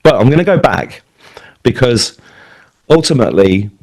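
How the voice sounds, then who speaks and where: At a live event, an English man in his fifties recounts his life in a meandering, conversational style packed with asides and filler words. His pitch is medium but swings widely, his pace is moderate, and his tone leans dark.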